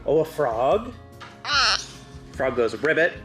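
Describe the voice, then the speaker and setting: A woman's voice: extremely low pitch, big pitch swings, moderate pace, music in the background. A woman in sing-song baby talk with a toddler, coaxing and imitating animal sounds. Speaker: mother.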